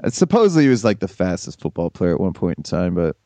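A man in his thirties hosting a podcast in relaxed, rambling casual chat. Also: deep voice, fast, no echo. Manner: relaxed, rambling, many fillers. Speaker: podcast host.

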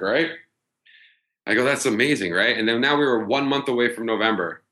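A man in his thirties chatting as a podcast guest, swearing freely and telling stories with animated energy. His voice sits low and comes across forceful and tense. He piles on fillers and quick restarts. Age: 30s. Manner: loose, profane, animated storytelling; heavy filler words and restarts. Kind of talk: casual storytelling chat.

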